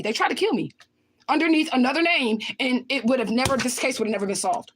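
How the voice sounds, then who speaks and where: A woman's voice: high-pitched, fast, a little hiss or hum. A woman hosting her own channel, reading viewer comments and answering them in blunt, profane outbursts, often repeating her lines. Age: adult with children. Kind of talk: livestream chat.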